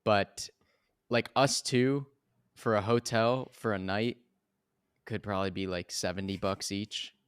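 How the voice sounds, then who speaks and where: A man's voice: lowish voice, steady tone, a little slow, clean tone, no room sound, studio quality. A young man co-hosting a podcast, chiming in with short, wry comments in casual chat. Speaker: podcast co-host.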